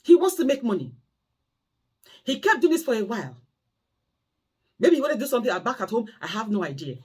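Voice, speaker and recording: A woman carer vlogger speaks to her audience in a husky voice. Her pitch swings widely as she tells cautionary stories, then pleads with them in an emphatic, preachy way. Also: sing-song, a little fast. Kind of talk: impassioned storytelling monologue.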